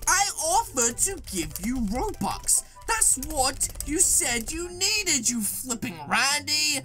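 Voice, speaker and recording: A woman giving excitable gaming commentary, reacting with dramatic exclamations. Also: high voice, slow pace. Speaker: gaming YouTuber.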